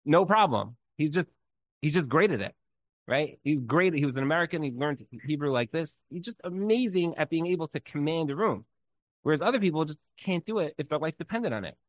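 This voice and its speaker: A man's voice: a little high, brisk, dull audio. A man teaching an informal Torah class, talking loosely with many fillers and telling stories with energy. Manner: conversational, many "like" fillers, lively storytelling.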